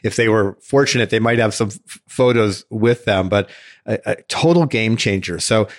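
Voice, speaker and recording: A man hosting an interview, speaking in a measured, reflective, encouraging way. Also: lowish voice, no room sound. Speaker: podcast host. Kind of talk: casual interview talk. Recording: dry close sound.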